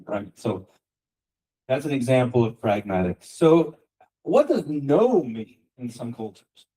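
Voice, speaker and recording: An American man lecturing students in a loose, conversational way. His voice is mellow and warm. He keeps asking rhetorical questions and checks in with "okay" and "right". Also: medium pitch, poor audio. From United States. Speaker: guest lecturer. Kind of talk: university lecture. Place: lecture room.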